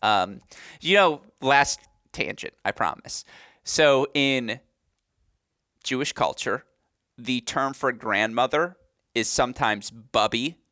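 A young man in his twenties co-hosting a podcast, chatting casually in an animated, rambling, jokey way. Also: medium pitch, slow pace, no room sound, studio quality. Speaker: podcast co-host.

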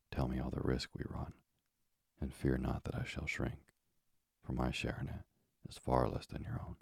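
A man in whispered role-play voicing a calm, firm, devoted young wife in a breathy whisper. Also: rumbling low, no echo, studio quality, full character voice.

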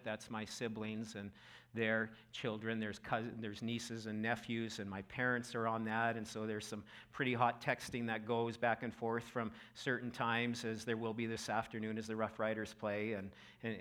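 A middle-aged male pastor preaching a sermon in a church, impassioned, who acts out quotes loudly. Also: medium pitch. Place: church auditorium.

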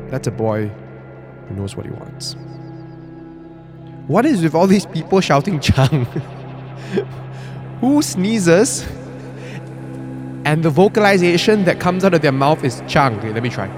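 A man's voice: fairly high pitch, music in the background. A man co-hosting a podcast, chatting casually and reacting playfully to a comic as he reads it. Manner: playful, animated, quick to laugh. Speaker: podcast co-host. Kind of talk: casual chat, reading a comic aloud.

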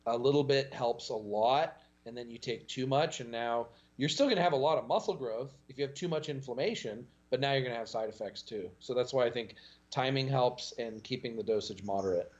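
A man guesting on a podcast, telling stories in an animated way and chuckling often. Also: medium pitch, fairly quick, muffled recording. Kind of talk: casual podcast chat.

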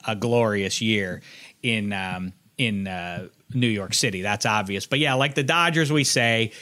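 A man co-hosting a sports talk show, giving opinionated takes that swing from low mutters to emphatic rising rants. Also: pushed and bright. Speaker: sports podcast co-host.

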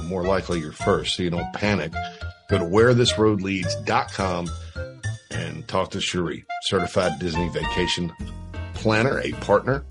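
A man, a show host reading a sponsor ad in an upbeat, folksy way. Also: deep voice. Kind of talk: ad read. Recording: music bed under the voice. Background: music.

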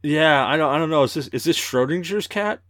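A man's voice: fairly high pitch, lively intonation, brisk, a bit bright. A man hosting a casual podcast, telling crude stories and laughing often, a bit tipsy. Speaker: podcast host.

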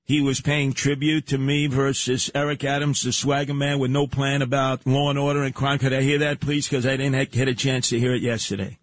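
A man hosting a radio talk show, ranting loudly and in mock confrontation, repeating his questions. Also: medium pitch, flat delivery, brisk, hardly any pauses, dry recording. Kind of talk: on-air radio rant. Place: radio studio.

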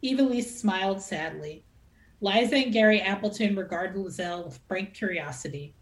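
A woman novelist reading aloud from her own novel with an expressive, dramatic delivery. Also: mid-range voice, normal speed. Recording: echoey room.

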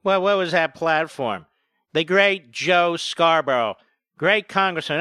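A man hosts a talk radio show, mocking and sarcastic, swinging from loud jabs to muttered asides. His voice is bright and slightly high. It is recorded close and dry in a studio. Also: unhurried, clear, resonant tone, no echo.

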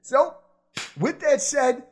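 A man's voice: extremely high pitch, slow. A man hosting a sports podcast, swearing freely and laughing often between his lines. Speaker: podcast host. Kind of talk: loose, profane sports podcast chat.

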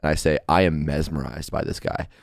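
A man's voice: very deep voice, fairly even intonation, brisk, creaky, no echo, clean studio sound. A young man co-hosting a podcast who jokes and trails off in casual chat, tired after an all-nighter. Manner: joking, trails off and restarts. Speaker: podcast co-host.

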